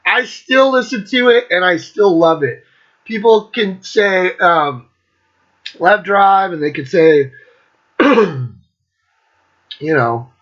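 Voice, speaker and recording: Excitable, high-voiced profane man. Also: muffled recording. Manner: profane, excitable, breaks into singing. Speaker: host. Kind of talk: casual monologue ranking albums.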